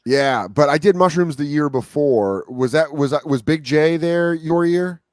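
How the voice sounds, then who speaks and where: A man's voice: fairly high pitch, unhurried, no room sound, clean studio sound. A man in his thirties, a comedian guest telling drug stories in casual chat, acting out other people's voices. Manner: animated storytelling, acts out quotes.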